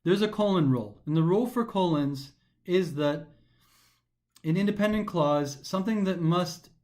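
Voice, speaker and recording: A man teaching a recorded grammar lesson for a test, talking animatedly and slowing down to stress the pauses as he reads sentences aloud, sometimes tripping over his words. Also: high voice. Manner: animated, emphatic, slows down to stress pauses when reading aloud. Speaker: test prep instructor.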